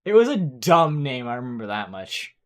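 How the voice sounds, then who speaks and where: A man running a tabletop game in an easygoing, halting way. He gropes for words and fills the gaps with plenty of fillers, in an unremarkable mid-range voice. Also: medium pitch, sing-song. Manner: halting, many fillers, casual. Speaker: game master.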